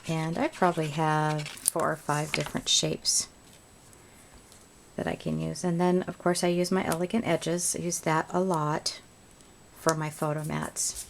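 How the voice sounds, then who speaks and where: Chatty woman with a gravelly low voice. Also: flat delivery, unhurried, slight background noise. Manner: chatty, thinks aloud while working. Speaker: crafting video host. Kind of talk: casual craft tutorial chat. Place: home craft room.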